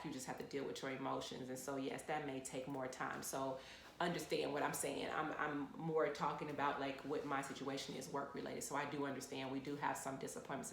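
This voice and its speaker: A woman who works as a lawyer, giving frank, animated advice to the camera in a casual chat. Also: very deep voice, vocal fry, roomy sound, a little hiss or hum. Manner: frank, animated storytelling with repeated phrases.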